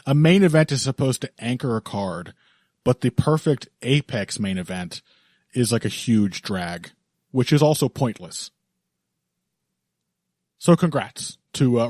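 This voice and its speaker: A man's voice: medium pitch, a little mellow, dry recording, clean studio sound. A man hosting a podcast in casual chat, laughing often and rambling with restarts. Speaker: podcast host.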